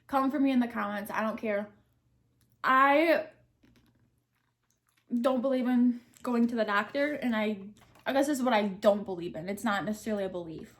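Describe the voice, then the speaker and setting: Candid young woman chatting while eating. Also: fairly high pitch. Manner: candid, thinks aloud with fillers and restarts. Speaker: YouTuber answering question cards. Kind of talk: casual mukbang chat.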